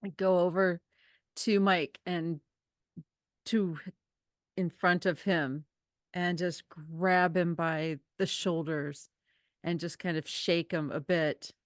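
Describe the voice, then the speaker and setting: A woman's voice: fairly low pitch, fairly even intonation, slow, pauses often, dry recording, clean studio sound. A woman playing in a tabletop game, chatting casually and explaining her moves. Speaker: player.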